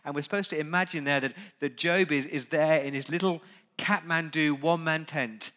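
Male preacher, a little high and forceful, emphatic, swings from soft asides to loud peaks. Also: steady tone, normal speed. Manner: conversational, asks the congregation direct questions. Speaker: pastor. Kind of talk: sermon.

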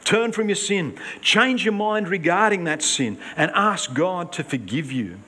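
A man preaching a sermon in an earnest, emphatic way, swinging between raised urgency and hushed emphasis. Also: high-pitched, animated, measured pace.

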